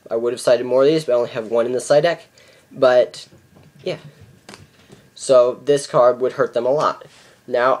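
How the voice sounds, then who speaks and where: A teenage boy vents in a casual vlog, his voice sitting at an ordinary middle pitch. He talks in an exasperated, repetitive way, coming back again and again to how ridiculous and pathetic things are. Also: a little mellow. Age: teens. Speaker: card game vlogger.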